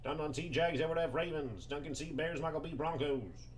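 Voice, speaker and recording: Man, card break host, live commentary, rapid-fire listing, joking, a bit high-pitched, faint room noise.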